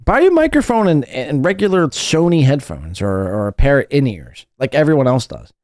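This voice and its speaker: Lively profane male podcast host. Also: medium pitch, moderate pace, no room sound, studio quality. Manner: profane, mocking, animated. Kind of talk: comedic commentary.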